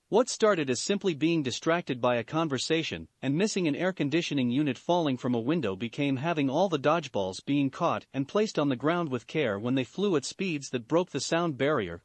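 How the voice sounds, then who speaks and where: A man reading fan fiction aloud as narrator, in an expressive way. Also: fairly high pitch, no room sound. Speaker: story reader.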